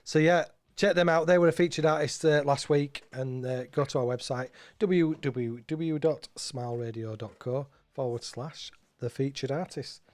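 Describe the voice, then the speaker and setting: A man's voice: medium pitch, moderate pace, hardly any pauses, a little mellow. A man presenting local radio, chatting casually and rambling, often repeating and restarting his words.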